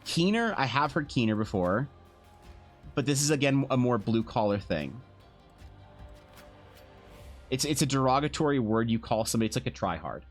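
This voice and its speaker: A man's voice: medium pitch, animated, fairly quick, soft background music. A Canadian man chatting casually on a live stream, rambling and sardonic, with the odd swear. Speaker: streamer and artist.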